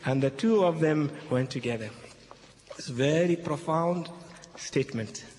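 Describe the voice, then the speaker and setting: A man with a somewhat high voice explains scripture to an audience in emphatic, slightly broken English, repeating his key points. The sound bounces around a large hall with a long tail of reverb. A faint hum of background noise sits under his voice. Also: unhurried, a little mellow. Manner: emphatic, repeats key phrases, checks in with "okay?". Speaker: Christian speaker addressing an audience. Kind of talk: expository talk retelling a Bible passage.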